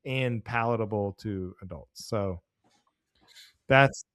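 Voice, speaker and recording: A man's voice: lowish voice, takes it slowly, fairly bright tone, no echo, clean studio sound. A man co-hosting a podcast in loose, joking casual chat, with lots of fillers. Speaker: podcast co-host.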